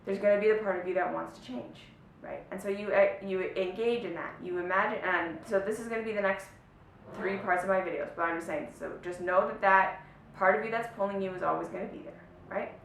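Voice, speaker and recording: A woman giving a motivational self-help talk to camera, earnest and often checking in with "right?" and "okay?". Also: a little fast. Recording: echoey room, slightly distant mic, faint rumble.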